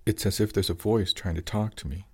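A man voicing a quiet, shy teenage boy who is becoming a shaman, speaking softly and simply. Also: on the low side, fairly even intonation, a little fast, slightly rough. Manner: soft-spoken, simple and shy.

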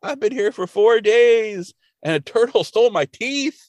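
A man putting on the voice of a frail, whiny old man, high-pitched and slow. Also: lively intonation, a little mellow, dry recording. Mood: pleading. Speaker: podcast co-host.

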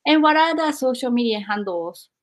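A woman's voice: on the high side, animated, moderate pace. A woman hosting a podcast interview, asking questions politely and hesitantly, with frequent fillers.

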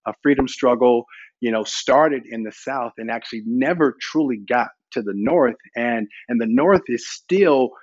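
A man from the American South speaks in a candid, emphatic way on a panel, often leaning on "you know" as he builds his point. The recording is dry and a little dull. His voice sits in a middle pitch. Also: normal speed, a little mellow, no echo. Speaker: panel guest. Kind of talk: conversational panel discussion.

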